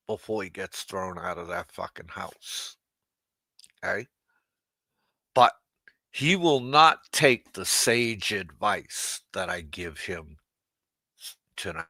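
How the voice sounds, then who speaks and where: A man's voice: on the low side, sharp tone, no room sound. A man hosting a livestream, talking in a mocking, profane rant aimed at someone who is not there and laughing at his own jabs. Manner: talks straight to an absent listener. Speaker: livestream host.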